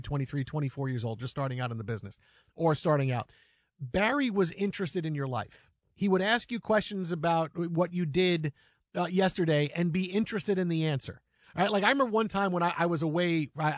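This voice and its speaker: Male sports talk host, fairly high voice, dry close studio sound, animated storyteller. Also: dry recording. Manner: animated storytelling with many restarts.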